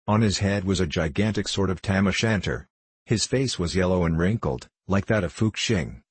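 Man reading an audiobook, deep and husky, measured and steady. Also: no echo. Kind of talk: audiobook narration.

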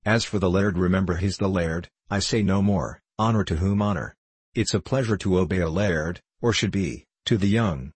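A man's voice: low voice, husky, dry recording. A man reading an old kindly minister. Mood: earnest counsel. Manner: solemn, measured, old-fashioned speech. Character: elderly male country minister, kindly and preachy.

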